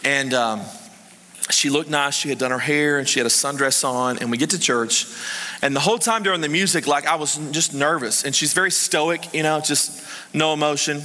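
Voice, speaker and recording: A man preaching a sermon, telling a story in an animated way that swings between hushed and excited. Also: on the high side, normal speed. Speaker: pastor. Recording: reverberant hall.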